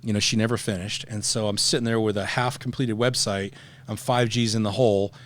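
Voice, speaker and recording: A man's voice: on the low side, fairly quick. Slangy middle-aged man telling war stories. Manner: animated, acts out voices in anecdotes; slangy, says "bro" often. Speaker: podcast guest. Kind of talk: casual storytelling.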